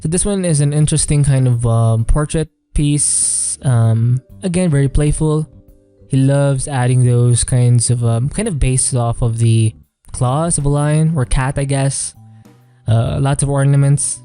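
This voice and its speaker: An artist with a medium-pitched, clear, resonant voice reviews artwork a little slowly over soft background music. His commentary is relaxed and rambling, packed with fillers, hedges, and plenty of "kind of."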